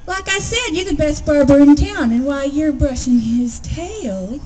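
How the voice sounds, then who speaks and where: A woman's voice: high voice, expressive, moderate pace, a little mellow, rough recording. A woman voicing a scheming male animal who gives bossy, conspiratorial instructions in a told folk tale. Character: scheming male animal plotting against Possum.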